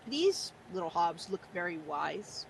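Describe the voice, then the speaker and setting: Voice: mid-range voice, very animated, measured pace, vocal fry, slight background noise, low-quality recording. Tabletop player, casual, playful, swears, laughs. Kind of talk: casual tabletop game play.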